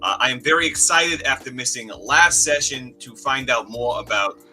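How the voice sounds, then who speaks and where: Eager man with a very bright, tense voice. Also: mid-range voice, lively intonation, moderate pace, soft background music. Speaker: player.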